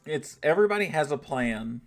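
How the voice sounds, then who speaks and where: A man from the United States hosts a relaxed livestream, talking straight to his viewers. His delivery is casual and full of cursing and teasing. His voice swings widely in pitch. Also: brisk, faint music behind. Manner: laid-back, swears freely, laughs often, teases chat. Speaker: streamer reading and answering chat.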